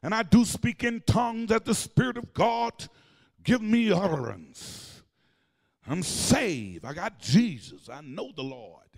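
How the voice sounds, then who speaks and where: A male pastor preaching a sermon, calling out to the congregation and breaking into shouted and sung phrases. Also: high voice, sing-song, slow, vocal fry, long reverb tail. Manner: call-and-response preaching, shouting and singing phrases. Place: church sanctuary.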